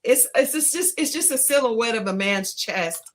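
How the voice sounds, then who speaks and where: A woman co-hosting a casual podcast, telling a story in an animated way, laughing often and acting out what people said. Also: on the high side, normal speed. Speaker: podcast co-host.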